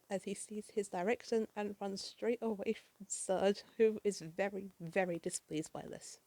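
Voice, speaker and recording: A woman's voice: mid-range voice, a little slow, a little mellow, no room sound. A woman narrating a comic book issue in a chatty, casual way, with swearing, fillers and side remarks. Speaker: comic reader.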